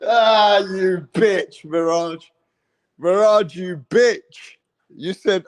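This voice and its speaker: A man's voice: high-pitched, drawn-out words, dry recording. A man who hosts boxing commentary, mocking and taunting a viewer in a profane, repetitive rant. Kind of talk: ranting reaction commentary.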